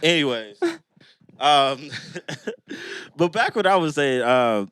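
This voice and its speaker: A young man with a smooth, resonant voice chats casually on a music podcast. He talks in a relaxed, rambling way and fills his sentences with easy asides. The mic is close and dry. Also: mid-range voice, slow, no room sound. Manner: laid-back, rambling, lots of "you know what I mean". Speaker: podcast co-host. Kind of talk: casual chat.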